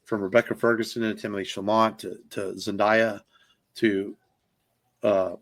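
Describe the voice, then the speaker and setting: This podcast co-host, a man, gives a loose, excited movie review full of filler words and a stray curse here and there. He speaks at a moderate pace in a fairly low, slightly bright voice that barely moves in pitch.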